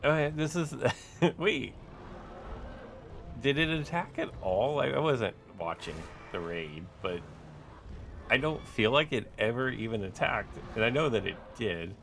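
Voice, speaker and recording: A man's voice: medium pitch, sing-song, measured pace, vocal fry, fairly bright tone, slight background noise. A man giving casual, rambling gameplay commentary as a gaming YouTuber, full of "like" and "uh" fillers.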